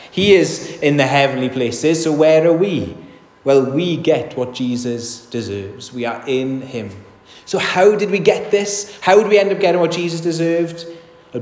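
Earnest preacher in an echoey church. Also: male voice, mid-range voice, darkish tone. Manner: earnest, emphatic, rhetorical questions. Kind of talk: sermon. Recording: echoey hall reverb.

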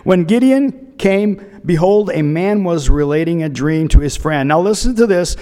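A man's voice: on the high side, expressive, normal speed, dark tone, in a large hall. A man preaching a sermon, retelling a scripture story with humorous asides. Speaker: pastor.

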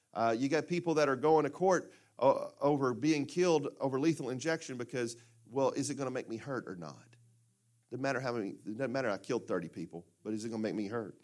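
A man preaching a sermon as pastor, talking plainly and conversationally, then breaking into sudden loud bursts. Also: mid-range voice. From United States. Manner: conversational and plainspoken, with fillers and restarts.

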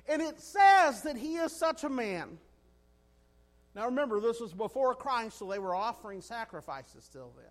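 A man preaching a sermon in a folksy, animated way, often asking his listeners "right?". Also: extremely high pitch, moderate pace.

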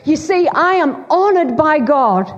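A woman's voice: high voice, expressive, unhurried. A woman preaching a sermon to her church, emphatic and repeating her points for effect. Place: church hall. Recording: dull sound with long hall reverb.

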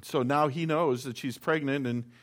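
A man's voice: medium pitch, fairly even intonation, normal speed. Conversational man preaching a sermon. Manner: conversational, reads scripture then explains with personal stories. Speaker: pastor.

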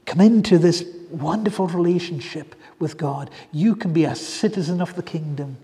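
Fervent high-voiced male preacher in a reverberant hall. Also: dark tone. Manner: fervent, drawn-out pleading exclamations. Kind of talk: sermon. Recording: echoey hall with long reverb.

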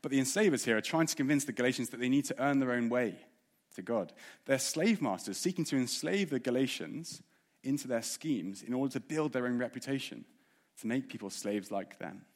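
Male preacher, mid-pitched voice, earnest and questioning, direct with the congregation. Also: expressive, fairly quick. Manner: earnest, with rhetorical questions and audience asides. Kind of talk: sermon.

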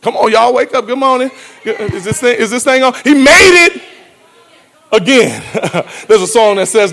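A woman preaching a lively sermon, emphatic and often shouting, laughing between lines and calling out to the congregation. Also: on the high side, measured pace, pauses often.

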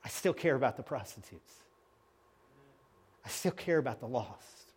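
A middle-aged man preaching a sermon as pastor, emphatic, moving between hushed lines and loud ones. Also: medium pitch, animated, moderate pace, husky.

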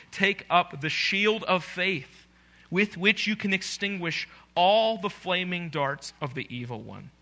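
A man's voice: fairly high pitch, bright, forceful tone. A male pastor preaching a sermon, emphatic and full of rhetorical questions to his congregation.

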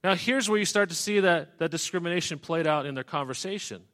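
Higher-voiced man preaching conversationally. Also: a little fast, bright, forceful tone. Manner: conversational, explains scripture verse by verse with asides. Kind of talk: expository sermon.

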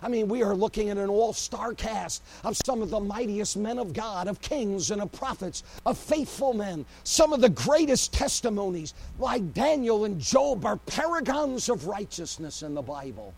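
A man preaching a sermon with great passion, swinging between loud cries and hushed, low passages. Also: lively intonation, moderate pace, vocal fry, few pauses. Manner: impassioned, swings from shouting to hushed.

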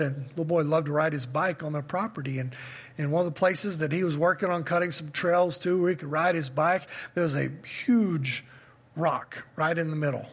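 A male pastor preaching a sermon in a conversational style that builds to emphatic questions. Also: a little high.

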